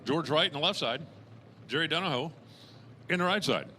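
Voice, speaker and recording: A man's voice: a little high, animated, fairly quick, bright, forceful tone, slight background noise. A man calling drag races as the track announcer, filling the gaps between runs with chatty jokes and puns and raising his voice as the cars launch. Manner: raises his voice during launches and finishes. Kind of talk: live race commentary.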